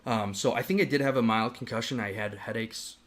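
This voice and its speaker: A man on a podcast telling a story in casual chat, animated and profane, rambling with restarts. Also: mid-range voice, a little fast. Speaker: podcast host.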